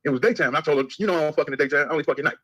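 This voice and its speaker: Fast-talking man telling brash stories. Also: a little high, poor audio. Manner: fast, profane storytelling, animated quoting. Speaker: live-stream co-host. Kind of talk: casual live-stream gossip chat.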